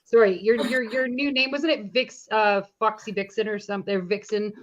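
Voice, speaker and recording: A woman's voice: mid-range voice, fairly even intonation, moderate pace, muffled recording, a little hiss or hum. A woman co-hosting a livestream in casual chat, joking and teasing in a crude way over a computer mic on a video call. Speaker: livestream co-host.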